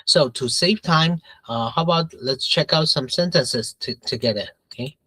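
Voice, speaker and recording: A man teaching an English grammar lesson, going back and forth between English and Mandarin, repeating phrases and filling pauses with uh and okay. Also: on the high side, bright, forceful tone, slightly rough, no echo, rough recording.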